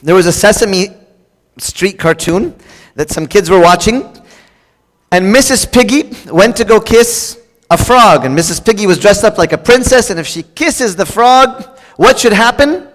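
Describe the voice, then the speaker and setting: A preacher with a high-sitting, animated voice talks at a normal speed, delivering a relaxed, joking sermon straight to the congregation, full of casual fillers and restarts. The recording carries the long reverb of a large hall.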